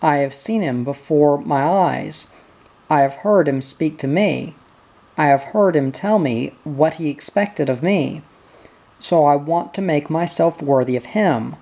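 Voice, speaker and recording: Reader doing a young prince, man, eighteen, bitter, proud, slow, gravelly. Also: on the high side, a little mellow. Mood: bitter earnest. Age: teens. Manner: intense, resentful.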